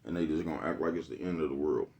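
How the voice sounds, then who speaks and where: A relaxed man speaking in a low, deep voice. He talks straight to his viewers in a loose motivational monologue and keeps circling back with "you know what I'm talking about.". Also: very fast, highs cut off. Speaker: vlogger.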